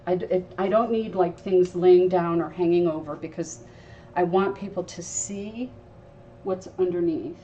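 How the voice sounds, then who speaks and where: A woman's voice: lowish voice, unhurried, mellow, distant mic. A woman hosting a live crafting tutorial, chatting to her viewers as she works at her craft table. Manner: chatty, instructive, talks to viewers while working. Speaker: craft show host. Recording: dull sound from off-mic with faint noise.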